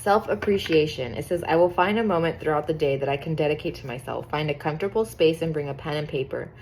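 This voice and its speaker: A young woman giving a casual tarot reading to her viewers, chatty and excitable, swearing freely and reading card texts aloud. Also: low-pitched, fast talker, slight background noise. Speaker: tarot reader.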